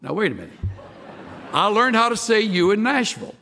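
Gravelly folksy preacher man in a hall. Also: high-pitched, sing-song, fairly quick, sharp tone, slight background noise. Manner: folksy and joking, with laughs. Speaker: pastor. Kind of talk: conversational sermon.

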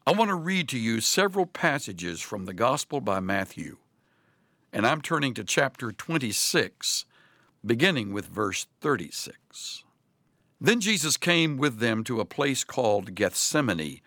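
Male preacher, sermon with scripture reading: slow, solemn delivery, bright forceful tone. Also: medium pitch, no echo.

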